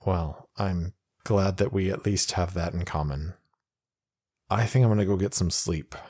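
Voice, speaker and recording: A man voicing a secretive, quietly intense young woman with psychic powers, speaking softly and haltingly. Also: deep voice. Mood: subdued. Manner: soft, hesitant, halting.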